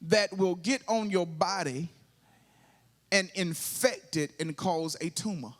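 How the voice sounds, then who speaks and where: A man's voice: sits high, slow, fairly bright tone. A male pastor with a Southern US accent preaching a sermon, drawing call-and-response from the congregation and building to sung, rising climaxes.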